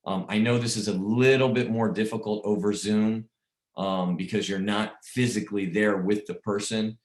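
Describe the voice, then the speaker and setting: A man's voice: lowish voice, steady tone, normal speed, roomy sound. A man casually coaching insurance agents on sales calls, rambling and repeating himself as he talks. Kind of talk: casual sales training talk.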